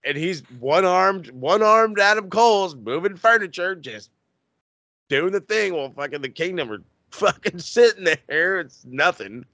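A man's voice: high-pitched, expressive, unhurried, pushed and bright, no echo. Profane, fired-up podcast host man. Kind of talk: casual wrestling podcast rant.

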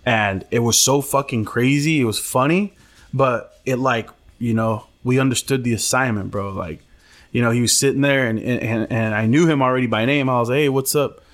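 A man co-hosting a casual podcast, telling an animated story full of swearing and mimicked voices. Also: medium pitch, normal speed. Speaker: podcast co-host.

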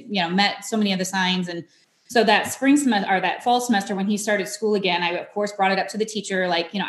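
A woman's voice: medium pitch, roomy sound. A woman, likely in her thirties, telling a personal story in a chatty way, full of "like" and "you know". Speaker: parent guest. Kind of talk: casual storytelling.

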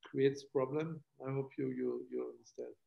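A man with a French accent chatting casually on a video call, halting and searching for his words. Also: mid-range voice, level tone, vocal fry, lo-fi sound. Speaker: guest. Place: quiet artist's studio.

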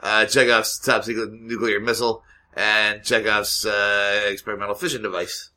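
A man's voice: fairly low pitch, flat delivery, normal speed, pushed and bright. A man co-hosting a podcast, trading casual jokes and building absurd escalating riffs. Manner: joking, riffing on absurd escalations. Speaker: podcast co-host. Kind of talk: casual comedic banter.

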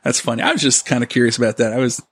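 A man's voice: mid-range voice, racing, fairly bright tone, husky, no echo. A man hosting a casual interview, curious and joking, stumbling a little as he asks his questions. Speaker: podcast host.

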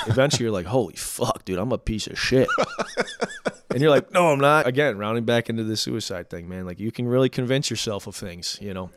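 A young man co-hosting a podcast in casual chat, animated, with crude humor and lots of "dude". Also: on the low side, clear, resonant tone, dry recording. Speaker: podcast co-host.

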